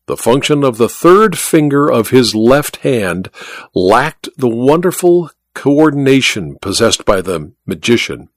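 A man reading a novel aloud as an expressive audiobook narrator. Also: medium pitch, unhurried, no room sound, studio quality. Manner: expressive storytelling. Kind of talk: scripted narration.

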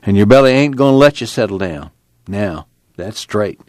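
Brief: male reader as a low, tired drifter, drawling and blunt, dry close sound. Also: lively intonation, normal speed, a little mellow, no room sound, close to an everyday voice. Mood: weary insistent. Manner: drawling, matter-of-fact rural speech. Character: weary, patient migrant worker man.

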